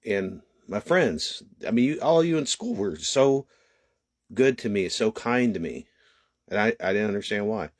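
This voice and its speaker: A middle-aged man with a low voice shares a personal testimony in halting phrases, often pausing and restarting. He sounds emotional and close to tears throughout. The recording is dry, with no room echo. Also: animated. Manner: halting, many restarts and pauses. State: emotional, holding back tears. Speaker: testimony speaker.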